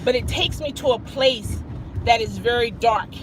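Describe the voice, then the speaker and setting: On a live stream with plenty of background noise, a middle-aged woman tells her story in a casual way, stopping to greet viewers by name. She talks at a moderate pace and is expressive, leaping high in pitch to stress a point.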